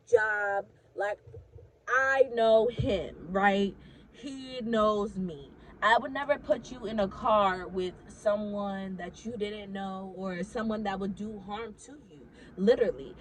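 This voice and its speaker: A woman's voice: mid-range voice, low-quality recording. A young woman telling a casual story to her vlog audience. She talks animatedly, swears freely and fills her sentences with "like".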